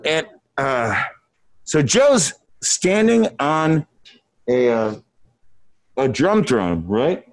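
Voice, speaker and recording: A man's voice: mid-range voice, sing-song, drawn-out words, long pauses. A middle-aged man, a musician, telling a rambling, profane tour story to a room, often breaking into laughs.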